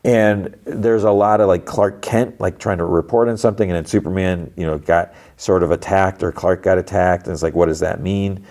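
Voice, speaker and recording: A man with a very low voice, the host of a podcast, recapping in a loose, rambling way. He leans on "like" and restarts his sentences often. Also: steady tone, normal speed, few pauses, darkish tone. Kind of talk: casual recap chat.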